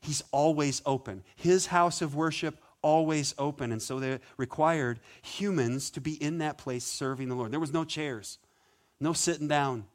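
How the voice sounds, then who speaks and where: A man preaching a sermon as pastor, conversational and animated, with playful asides. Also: on the high side, moderate pace.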